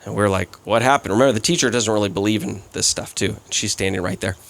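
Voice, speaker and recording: A man's voice: on the low side, fast talker, vocal fry, a bit bright. A man giving a sermon as a guest preacher, telling stories in a loose, conversational way with lots of "like" and "right?". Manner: conversational storytelling, frequent "like" and "right?". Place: events center, church service.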